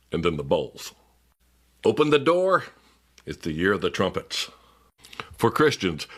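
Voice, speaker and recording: A deep, low-voiced man narrates an explainer. His delivery is measured and informative, and he slips in dry, sarcastic asides. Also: a bit bright.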